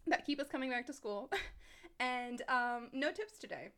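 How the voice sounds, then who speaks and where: High-voiced woman teacher chatting. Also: expressive, moderate pace, bright, forceful tone. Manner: chatty, laughs often. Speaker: teacher and podcast co-host. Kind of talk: casual chat.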